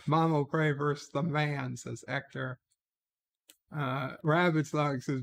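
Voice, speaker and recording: Male livestream host, fairly high voice with a gravelly edge, reads chat comments and tosses off brief replies. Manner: reads viewer comments aloud and answers in short asides.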